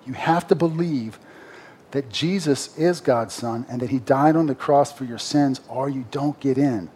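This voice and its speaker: A man's voice: medium pitch, a little slow, mellow, a little hiss or hum. Man teaching scripture in a sermon. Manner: conversational Bible teaching with emphatic rises on quoted verses. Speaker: preacher.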